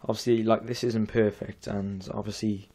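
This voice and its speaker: Easygoing young Welsh man, flat low voice. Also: moderate pace. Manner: rambling, easygoing, self-deprecating. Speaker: app developer giving a demo. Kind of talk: casual demo talk.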